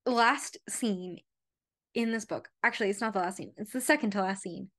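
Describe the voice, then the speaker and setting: A woman's voice: medium pitch, normal speed, fairly bright tone. A young woman chatting emotionally about a favorite book and reading passages aloud. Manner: gushing, emotional. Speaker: book reviewer.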